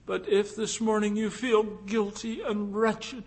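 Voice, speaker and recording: A man preaching a sermon, asking rhetorical questions and swelling from hushed tones to fervent emphasis. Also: high voice, steady tone, takes it slowly, breathy edge. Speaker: pastor.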